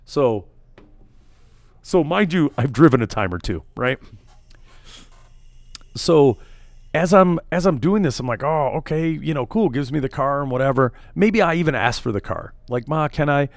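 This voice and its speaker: A man's voice: mid-range voice, animated, measured pace, long pauses, dry recording. A man, hosting a casual radio show and telling a rambling family story, acting out the people in it. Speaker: podcast host.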